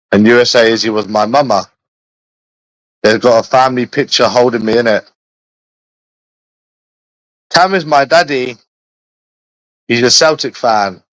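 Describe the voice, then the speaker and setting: A man's voice: medium pitch, fairly bright tone, no room sound, low-quality recording. A man from London with an English accent, chatting casually on a livestream, swearing constantly and addressing viewers by name. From London, England. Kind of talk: rambling casual livestream chat.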